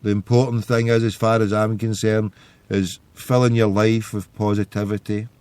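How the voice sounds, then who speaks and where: A man's voice: on the low side, little pitch movement, normal speed, darkish tone, smooth, no room sound. A man, hosting a podcast and telling stories in a loose, rambling monologue. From Scotland. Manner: rambling storytelling. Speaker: podcast host. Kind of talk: casual monologue.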